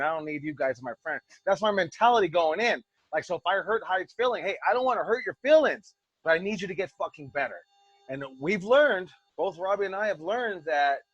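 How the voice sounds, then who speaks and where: A man's voice: sits high, fairly bright tone, no room sound, lo-fi sound. A man with an American accent, a wrestling coach talking bluntly and with heavy swearing to his students. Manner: blunt, profane, emphatic. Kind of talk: casual talk to students.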